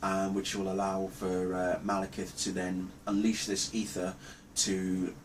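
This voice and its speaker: A man recapping a film's plot in a casual review, rambling and halting with many ums and restarts. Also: low voice, monotone, slight background noise. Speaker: movie reviewer. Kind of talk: casual spoken film review.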